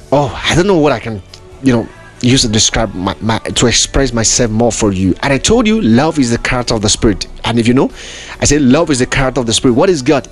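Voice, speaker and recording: A man hosting a podcast, preaching in an emphatic, repetitive way full of rhetorical questions. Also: medium pitch. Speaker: podcast host. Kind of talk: preaching monologue.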